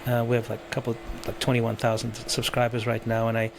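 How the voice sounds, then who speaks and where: A man of ordinary pitch chats as a podcast guest and coach. He talks eagerly and drops "like" into almost every thought. A faint hum of room sound sits behind him. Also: monotone, a little fast, vocal fry. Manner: eager, peppered with "like" fillers. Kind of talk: casual interview chat.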